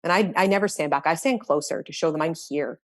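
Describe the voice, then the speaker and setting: Here a female educator appears as a guest on a podcast, talking fast in a low voice with no echo. Her earnest, reflective stories about the classroom come out in conversation, full of restarts and repeated words.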